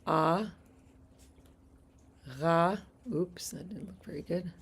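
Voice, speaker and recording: Female language teacher on a live stream, outdoors on a deck. Unhurried, patient delivery in a lowish voice, quick to laugh. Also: slightly rough. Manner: patient, explanatory, laughs easily.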